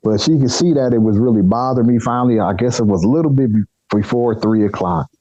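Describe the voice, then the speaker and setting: A man telling a story as a podcast guest, in a blunt, colloquial, animated way, acting out the other people's lines. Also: medium pitch, fast, no echo, highs cut off. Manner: animated, acts out dialogue in other voices; colloquial, blunt, swears casually. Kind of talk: storytelling anecdote.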